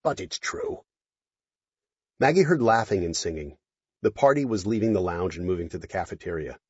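A man narrates an audiobook with lively, expressive inflection. His voice is low and husky. The recording is dry and somewhat dull. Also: fast talker, no echo. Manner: expressive, storytelling.

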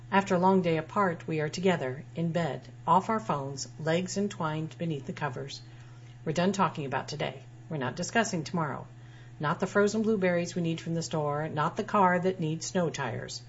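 A woman writer reading her own personal essay aloud in a wry, dryly humorous way. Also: sits low. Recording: dull lo-fi sound with faint hum.

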